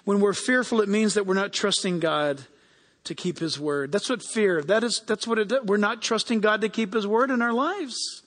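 A man preaching a sermon as pastor, animated and acting out the people he quotes. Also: high-pitched, normal speed. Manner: animated, acts out quoted people in raised voices. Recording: long hall reverb.

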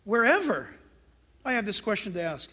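Pastor guy preaching, really high voice, bright and punchy, keeps asking the church questions. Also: very animated, moderate pace, slightly rough. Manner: emphatic, asks the congregation rhetorical questions. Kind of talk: sermon.

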